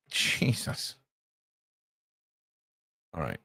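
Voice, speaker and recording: A man's voice: low voice, slow, gravelly, pauses often, no room sound. A man chatting casually on a live stream, muttering to himself as he works and tossing off playful asides.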